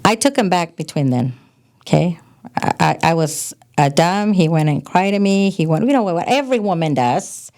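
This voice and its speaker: A middle-aged woman from California sits in as a podcast guest and tells frank, animated stories from her past. Her voice sits a little low for a woman. She talks in a blunt, candid way. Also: normal speed. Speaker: podcast guest, host's mother. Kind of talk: casual storytelling chat.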